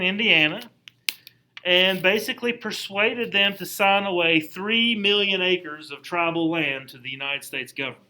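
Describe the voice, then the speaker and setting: A male history teacher with a high, bright voice gives a recorded lesson. He explains things in a loose, chatty way and drops slangy asides as he goes. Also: poor audio. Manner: casual, conversational lecturing with slangy asides. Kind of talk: recorded classroom lecture.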